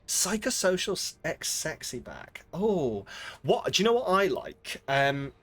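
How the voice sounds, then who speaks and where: A man gives casual commentary on a game he's streaming, swearing frequently and rambling in a self-mocking way. His slightly high, somewhat bright voice swings widely in pitch and moves a little slowly, with game music clearly behind it.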